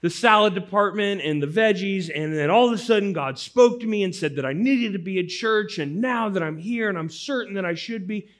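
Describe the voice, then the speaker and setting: A man voicing an excitable churchgoing woman who talks loudly and rambles without pause. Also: sits high, voice pushed up. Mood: excited. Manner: loud, breathless, rambling.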